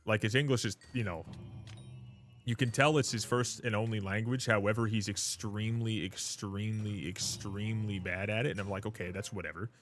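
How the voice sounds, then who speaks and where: A man's voice: lowish voice, steady tone, normal speed, a bit bright, faint music behind. A young man, telling a rambling, profane story while streaming a game. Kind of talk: casual livestream chat.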